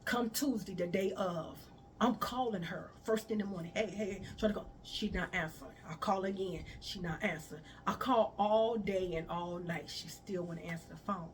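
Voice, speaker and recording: A woman's voice: medium pitch, normal speed, distant mic. A woman shares a personal story in a casual storytime vlog and calls her viewers "y'all" as she goes. She acts out each person's lines in turn. The mic sits a little away from her, and there's a faint hiss in the background. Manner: conversational, addresses viewers as y'all, quotes others in dialogue.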